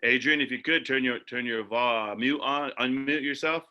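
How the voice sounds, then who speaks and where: A man moderating a video-call webinar in a relaxed, rambling way, full of fillers and repeated words. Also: mid-range voice, normal speed, muffled recording. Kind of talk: casual moderating with many fillers.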